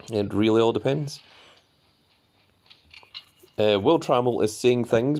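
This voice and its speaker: A man's voice: on the low side, mellow. Chatty male live streamer. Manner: chatty, reads viewer chat aloud, loose restarts. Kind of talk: casual live-stream commentary.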